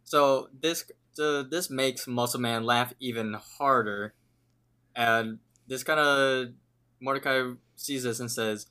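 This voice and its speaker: A man's voice: medium pitch, steady tone, slow, bright, forceful tone, clean tone. A man co-hosting a podcast, casually retelling a cartoon episode scene by scene and quoting the characters' lines in a lifted voice. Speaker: podcast co-host.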